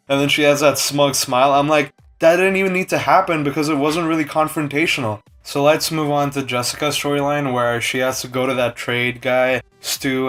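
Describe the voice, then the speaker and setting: A young man casually reviewing a TV episode with strong opinions, breaking into quick impressions of the characters. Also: mid-range voice. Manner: chatty, opinionated, animated impressions. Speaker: TV show reviewer.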